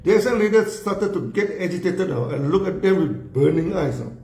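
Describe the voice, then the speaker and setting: A man with a high, gravelly voice tells a story with lively quoted dialogue. His speech is peppered with "you know" and "no" as he acts out each exchange. The recording has a roomy echo. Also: a little fast. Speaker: speaker telling a business story. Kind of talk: storytelling talk.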